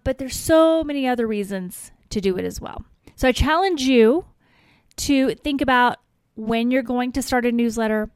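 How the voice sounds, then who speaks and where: A woman's voice: on the high side, clean tone, no echo. A woman blogger hosting a solo podcast, giving encouraging, conversational advice with frequent restarts. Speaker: family travel blogger and podcast host.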